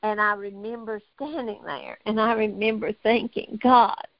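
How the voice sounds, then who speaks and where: A woman's voice: medium pitch, steady tone, unhurried, no room sound, lo-fi sound. Older woman from North Carolina, earnest. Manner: earnest, emotional storytelling. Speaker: guest. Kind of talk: testimony in a faith talk interview.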